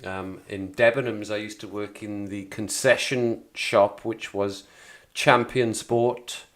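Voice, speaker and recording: A man's voice: on the low side, steady tone, slow. A man from the Black Country with a local accent, chatting casually and rambling on a livestream. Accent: Black Country English. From England, Black Country. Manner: rambling, chatty, repeats himself. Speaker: livestream host. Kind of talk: casual chat with live chat.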